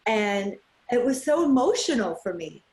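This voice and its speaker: A woman's voice: a little high, big pitch swings, normal speed, darkish tone. A woman hosting an interview as the festival organizer, speaking in an emphatic, heartfelt way. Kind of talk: casual interview chat. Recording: echoey room.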